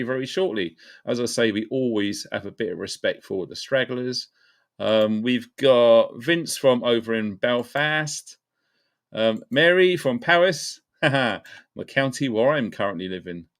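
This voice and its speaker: Upbeat man greeting live-stream viewers. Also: mid-range voice. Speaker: livestream host. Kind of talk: casual live-stream chat.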